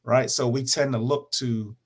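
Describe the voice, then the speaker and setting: A man in a casual discussion, talking in a measured, thoughtful way as he recounts what he heard. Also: medium pitch, steady tone.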